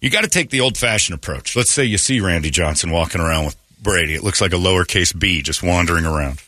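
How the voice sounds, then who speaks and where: Brash, lively-voiced male radio host. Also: sits low, fast, no echo, clean studio sound. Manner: loud, mocking, acts out shouted quotes. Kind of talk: casual morning show banter. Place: radio studio.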